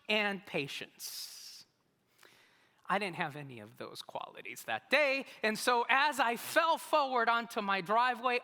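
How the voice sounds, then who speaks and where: Bright, lively-voiced pastor preaching. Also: male voice, very high voice. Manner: animated, humorous storytelling. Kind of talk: sermon. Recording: long reverb of a large hall.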